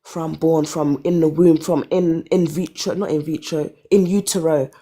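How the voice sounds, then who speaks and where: A woman in her thirties telling her own story in casual chat, candid and animated, with sighs and laughs. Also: deep voice, normal speed. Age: 30s. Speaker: caller.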